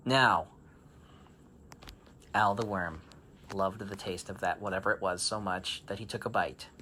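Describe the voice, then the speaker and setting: Very deep-voiced man telling a playful story. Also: unhurried, a little hiss or hum. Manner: playful, animated, with sound effects and laughter. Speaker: children's storyteller. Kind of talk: improvised bedtime story for children.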